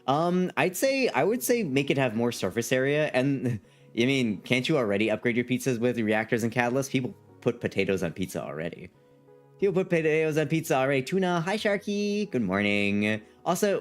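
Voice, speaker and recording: A man's voice: medium pitch, very animated, a little fast, faint music behind. A man chatting casually on a live stream, reading chat aloud in a playful, rambling way and repeating himself.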